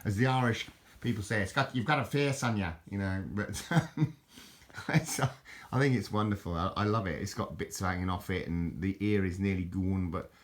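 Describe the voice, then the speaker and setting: A rambling older man with a southern English accent talks to camera in a low voice, chuckling and wandering from thought to thought. He repeats words and restarts sentences as he goes. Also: moderate pace. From southern England. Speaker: vlogger. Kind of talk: rambling casual chat to camera.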